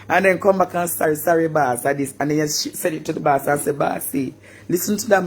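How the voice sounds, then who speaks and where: Animated Jamaican man ranting. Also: on the high side, a little fast, gravelly, slightly rough. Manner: animated, swings into shouts and sing-song cries. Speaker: live-stream talker. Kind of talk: ranting live-stream monologue.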